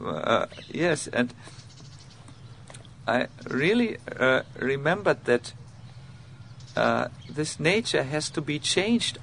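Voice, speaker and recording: Animated, gravelly-voiced man giving a talk. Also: fairly high pitch, slight background noise. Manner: halting, many fillers and restarts, self-mocking. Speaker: spiritual teacher giving a talk. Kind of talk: informal spiritual lecture.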